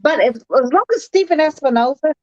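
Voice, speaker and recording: A woman in casual podcast chat, hesitant and halting, with many fillers as she makes her point. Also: high voice, animated, dry recording. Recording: dull dry lo-fi sound.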